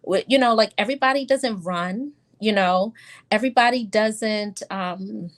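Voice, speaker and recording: Chatty woman pediatrician on a podcast. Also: mid-range voice. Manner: chatty, acts out patient exchanges in quick quoted voices. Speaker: pediatrician guest. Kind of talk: casual podcast interview.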